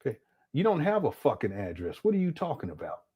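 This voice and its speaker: A man's voice: medium pitch, huge pitch swings, quick pace, dark tone, slightly rough. A man hosting a reaction stream, sarcastic and exasperated as he talks back to a clip. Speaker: commentary streamer. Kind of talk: reaction commentary.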